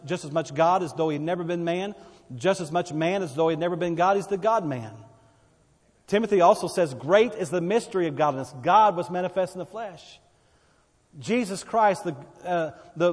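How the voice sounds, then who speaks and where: A man's voice: sits high, a little mellow, in a large hall. A man preaching a sermon in church, repeating phrases and swelling then dropping his voice. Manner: preaching with repetitions and swells of volume. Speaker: pastor.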